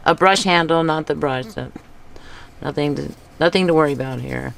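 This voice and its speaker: A woman hosting a craft video, chatting casually as she paints, thinking aloud and talking to herself with soft chuckles. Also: sits low, moderate pace, vocal fry, slight background noise. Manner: soft chuckles between remarks.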